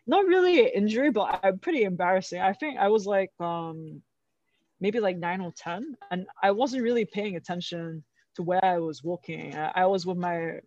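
A woman's voice: on the low side, normal speed, darkish tone, highs cut off. A woman guest in a casual interview, rambling with lots of fillers and frequent laughter. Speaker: guest, jiu-jitsu athlete.

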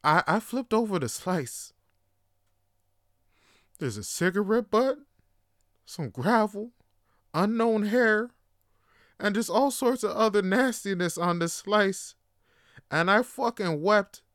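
A young man spins a comic anecdote in loose, slangy talk full of curses and fillers. His voice sits a bit high, with a crisp, smooth tone. It sounds dry and close to the mic. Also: slow pace, long pauses, no room sound. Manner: animated, profane, slangy, lots of fillers. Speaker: podcast host. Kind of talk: casual comedic storytelling.

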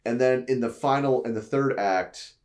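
A man's voice: moderate pace, darkish tone. Man loosely talking through a story idea. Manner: loose, hesitant pitching with "you know" and "like". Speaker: podcast co-host. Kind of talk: casual chat.

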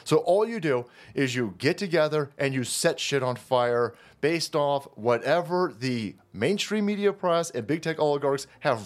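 A man hosting his own channel, delivering a foul-mouthed, mocking political rant. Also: fairly high pitch. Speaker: commentary channel host.

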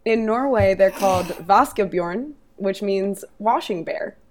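Rambling, relaxed woman telling a story. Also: mid-range voice, measured pace, crowd noise. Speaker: podcast co-host. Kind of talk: casual group chat.

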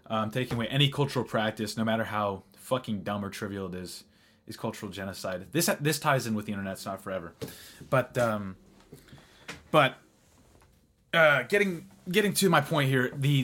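A man's voice: mid-range voice, fairly bright tone. A young man hosting a casual podcast chat, rambling with restarts, laughing often and swearing casually. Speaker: podcast host.

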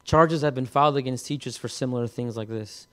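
A man preaching, telling a personal story in a halting way, with many repeated words and restarts. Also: medium pitch, fairly bright tone. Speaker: pastor. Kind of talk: sermon testimony.

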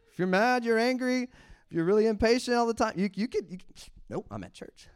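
A man preaching a sermon in church, animated, laughing often and acting out little quotes. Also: high voice, quick pace, smooth. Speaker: pastor.

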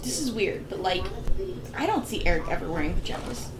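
A young woman co-hosting a casual podcast who laughs loudly and often and swears freely while chatting about a movie. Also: fairly low pitch, sing-song. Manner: loud, giggly, swearing, quick bursts of laughter. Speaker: podcast co-host. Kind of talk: casual chat watching a movie. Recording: echoey room with faint hiss.

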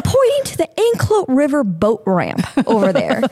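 A woman's voice: a little high, moderate pace, no room sound. A young woman, a marine sheriff's deputy, telling stories in a casual interview and laughing often. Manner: laughs often, animated anecdotes.

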